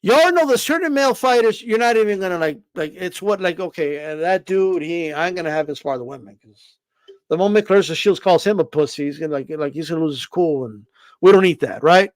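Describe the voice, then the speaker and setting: A man with a high voice rants through casual boxing commentary, swearing freely and stumbling over repeated words. He keeps throwing rhetorical questions at his listeners. The recording is dry and close, with no room sound. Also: animated, quick pace, no room sound. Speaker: boxing commentator on a live stream.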